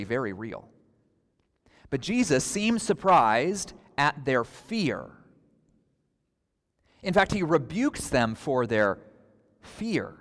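A man preaching a sermon to his congregation, earnest, with dramatic pauses and acted-out outbursts. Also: medium pitch, big-room sound. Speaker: pastor.

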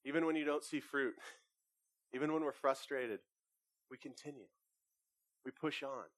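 A man, a pastor with young children, preaching a conversational sermon and telling lively family stories. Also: medium pitch, a little slow, no echo. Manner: conversational preaching with animated anecdotes.

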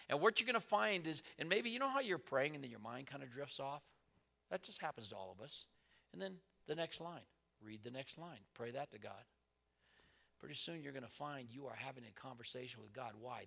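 Gravelly-voiced male pastor preaching. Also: on the high side, moderate pace. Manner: animated preaching, swings from soft asides to loud emphasis. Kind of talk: sermon.

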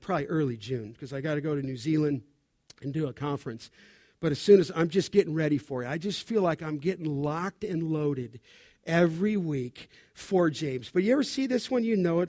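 A man preaching a sermon as pastor, urging the congregation on with sudden loud pushes and quieter asides. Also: high voice, no echo, studio quality. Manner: urgent exhortation, shifting between loud and quiet.

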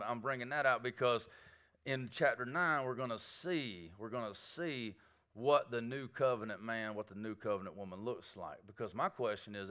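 A man's voice: mid-range voice, fairly bright tone. A man preaching a sermon, pressing his listeners with repeated rhetorical questions. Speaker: pastor.

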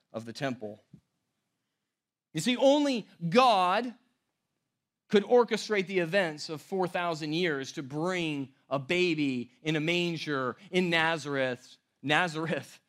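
Male pastor, high voice, emphatic sermon delivery with loud-to-hushed swings. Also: expressive, unhurried. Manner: emphatic, swings between loud stress and near-hushed lines.

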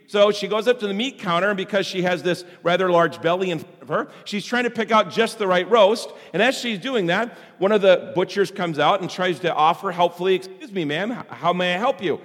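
A man preaches a sermon in a loose, conversational way, using fillers and restarts. His voice sits high for a man. A long reverb fills the church hall around him. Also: fairly quick, hardly any pauses, fairly bright tone. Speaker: pastor.

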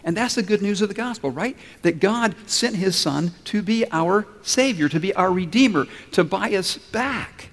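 A man's voice: sits high, lively intonation, normal speed, hardly any pauses, big-room sound. A man preaching a sermon as pastor, earnestly telling stories and acting out the people he quotes.

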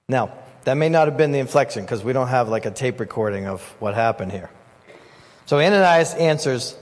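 A man preaching a sermon as pastor, conversational and animated, acting out voices in the story. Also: mid-range voice, fairly quick. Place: church hall. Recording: long hall reverb.

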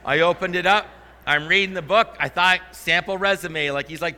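A man preaching in a church, with a bright, forceful tone that carries a long reverb through the hall. His voice sits a little high for a man. He shifts between hushed, earnest storytelling and ringing, fervent declarations. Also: moderate pace. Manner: earnest, swings from quiet storytelling to loud fervent proclaiming. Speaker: interim preaching pastor. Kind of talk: sermon. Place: church sanctuary.

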